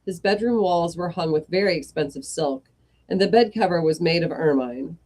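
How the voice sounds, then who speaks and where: A woman reading a comic story aloud in a measured storybook style. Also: on the low side, warm tone.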